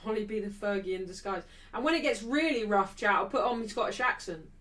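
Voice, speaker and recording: A woman's voice: medium pitch, lively intonation, fairly quick, fairly bright tone, far from the mic, poor audio. A woman hosting a football watchalong stream, ranting and swearing as she talks to her chat. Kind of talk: casual live-stream chat.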